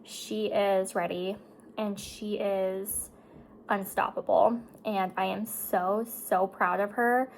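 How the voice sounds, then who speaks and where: A woman's voice: medium pitch, steady tone, slow pace, creaky, slight background noise, rough recording. A woman in her thirties chatting casually to her viewers while doing her makeup, talkative and emotional, tearing up at times. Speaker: beauty vlogger and mother.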